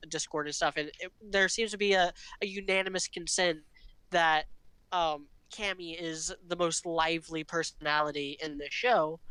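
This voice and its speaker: Smooth, bright man, dry close sound. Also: on the high side, no room sound, poor audio. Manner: hesitant, restarts often. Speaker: podcast co-host. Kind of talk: casual podcast chat. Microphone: online voice call.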